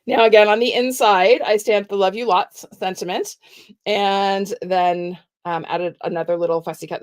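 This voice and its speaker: A middle-aged woman giving a chatty, step-by-step live craft tutorial with soft asides. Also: mid-range voice. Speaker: card-making demonstrator.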